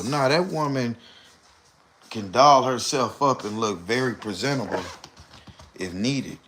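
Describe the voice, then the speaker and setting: A man's voice: medium pitch, unhurried, pauses often, fairly bright tone, a little hiss or hum. A man talking casually on a live stream. He comments animatedly and repeats points for emphasis.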